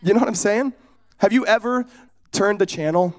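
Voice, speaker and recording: High-voiced, animated young preacher. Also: male voice, moderate pace. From United States, Oregon. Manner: animated, acts out the voices in his stories; casual, often asks "you know what I'm saying?". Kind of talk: storytelling sermon.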